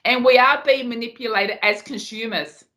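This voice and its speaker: Passionate woman with a bright voice. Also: on the high side, normal speed. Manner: passionate, repeats herself when emphasizing. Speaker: podcast guest, Muay Thai fighter. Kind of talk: casual interview.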